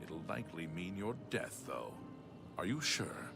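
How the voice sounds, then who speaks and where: A man's voice: low-pitched, very animated, measured pace, gravelly, music in the background, full character voice. An actor playing a weary male guard captain in a video game, speaking grimly and urgently. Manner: grim, urgent.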